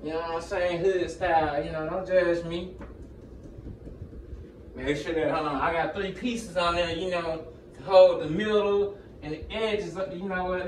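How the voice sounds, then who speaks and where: A man's voice: high-pitched, fairly even intonation, measured pace, vocal fry, a little hiss or hum. A man chatting casually to his channel, rambling in slang and laughing often as he jumps between topics, recorded on a phone. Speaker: gaming YouTuber. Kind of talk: casual vlog chat.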